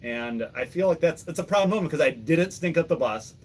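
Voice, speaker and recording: A man hosting a podcast, telling embarrassing stories about himself in a measured, self-mocking way. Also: fairly high pitch, animated, darkish tone. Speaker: podcast host. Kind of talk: casual chat.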